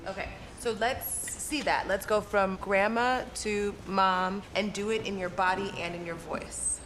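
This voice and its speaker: A woman's voice: medium pitch, fairly even intonation, measured pace, a bit bright. A woman poetry coach giving direct, demanding instructions in rehearsal. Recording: noisy room, mic from afar.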